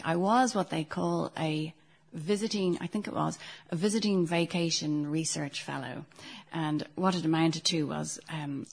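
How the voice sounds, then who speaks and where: A middle-aged woman with a low, gravelly voice, reading her own poems aloud. Her tone is husky and a little breathy. Between pieces she makes hesitant, self-deprecating remarks, and she reads the verse itself slowly and carefully. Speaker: poet. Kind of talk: poetry reading with chatty asides.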